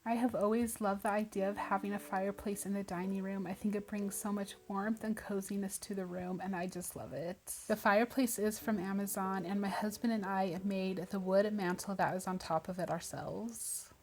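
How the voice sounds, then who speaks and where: A woman's voice: medium pitch, steady tone, moderate pace, few pauses, darkish tone. A woman giving a casual, cheerful home tour as a decor vlogger, gushing over each piece she shows. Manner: cheerful, gushing, often says she loves things.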